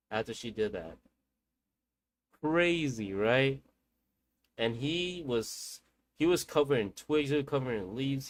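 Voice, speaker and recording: A man streaming a game who tells a long story in casual, rambling talk, with slang and swearing, addressing his viewers directly. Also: medium pitch.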